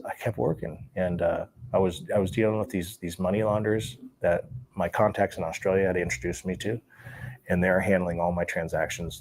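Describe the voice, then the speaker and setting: A man telling his life story in an interview, animated and profane, often laughing as he talks. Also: sits low, a little hiss or hum.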